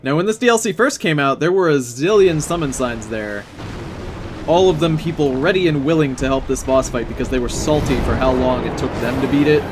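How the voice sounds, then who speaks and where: A man commenting on his own game session, sarcastic and quick to swear when he loses. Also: medium pitch, noisy background. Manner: swearing, sarcastic, easily frustrated. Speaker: gaming channel host. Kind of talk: let's play commentary.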